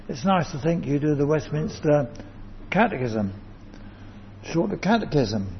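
Earnest preacher man with a lively pitch. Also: measured pace, a little hiss or hum. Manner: earnest, emphatic, rising to stress key words. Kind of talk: sermon. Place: church building. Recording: dull lo-fi church sound with long reverb.

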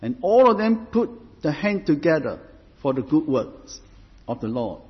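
A man preaching a sermon as pastor, deliberate and emphatic, stressing points through repetition. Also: on the high side, sing-song. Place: church. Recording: reverberant hall, dull lo-fi sound.

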